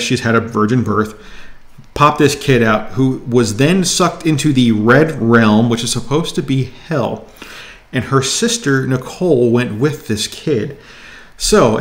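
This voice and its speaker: An enthusiastic man reviews his new comics in a casual, chatty way. His voice sits at an ordinary middle pitch. A noticeable room echo surrounds it. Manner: enthusiastic, excitable.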